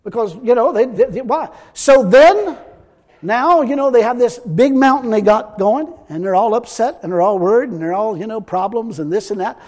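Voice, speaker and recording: A man's voice: very high-pitched, lively intonation, moderate pace, darkish tone, in a large hall. A man preaching a sermon in a folksy, emphatic way, repeating his points.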